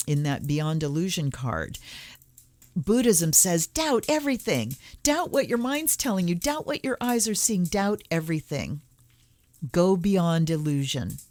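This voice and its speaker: A woman's voice: deep voice, a little mellow. A woman hosting a tarot channel, casually musing and reading book passages aloud in a reflective way. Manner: reflective, musing, slows down for blessings. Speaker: tarot reader and channel host.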